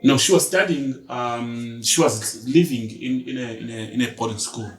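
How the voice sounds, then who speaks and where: A man's voice: mid-range voice, normal speed. A man with a South African accent, co-hosting a podcast, telling a story in a casual chat and acting out the voices of the people in it. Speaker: podcast co-host. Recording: echoey room.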